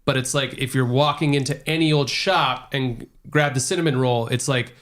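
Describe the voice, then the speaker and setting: A man in a casual podcast chat who rambles through his points with plenty of fillers. His voice sits at an everyday middle pitch, and he stretches out words about food. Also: fairly even intonation, moderate pace, fairly bright tone. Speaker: podcast co-host.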